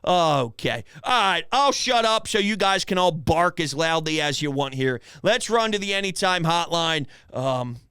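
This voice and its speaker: A male sports host reacts live to a game, giving exasperated and mocking play-by-play. His voice sits high and bright with a smooth, crisp tone. The sound is close and dry, with no room around it. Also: expressive, measured pace, hardly any pauses, no room sound.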